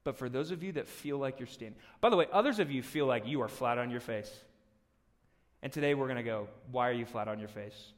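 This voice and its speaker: A man preaching a live sermon as pastor, joking and animated, swinging from loud emphasis to hushed near-whispers. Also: medium pitch, a little fast. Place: church hall. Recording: long hall reverb.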